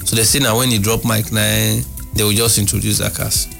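A man with a Nigerian accent telling a story in a casual chat, animated and mocking. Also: lowish voice, brisk, creaky, faint music behind.

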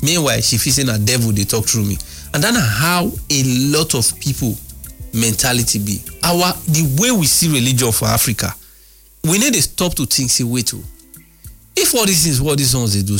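A man with a Nigerian accent telling a story in a casual chat, animated and mocking. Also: medium pitch, slightly rough.

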